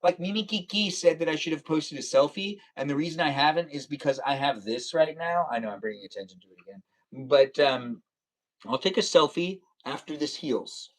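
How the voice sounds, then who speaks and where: A man's voice: on the high side, lively intonation, fairly quick. Playful young man chatting on a livestream. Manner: playful, teasing, laughs often. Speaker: live streamer. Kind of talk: casual livestream chat reading viewer comments.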